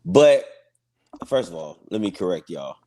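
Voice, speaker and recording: A man's voice: low voice, sing-song, unhurried, warm tone. A man, a guest on a sports talk show, telling stories playfully.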